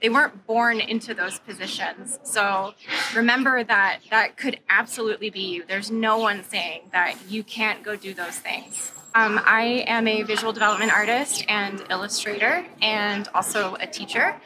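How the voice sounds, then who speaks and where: Bright, encouraging woman artist. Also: mid-range voice, normal speed, slight background noise, rough recording. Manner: encouraging and direct. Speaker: visual development artist and teacher. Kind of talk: casual interview answer.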